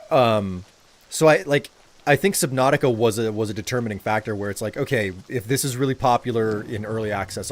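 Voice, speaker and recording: Man, game streamer, casual rambling commentary, mid pitch. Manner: rambling, reflective chat.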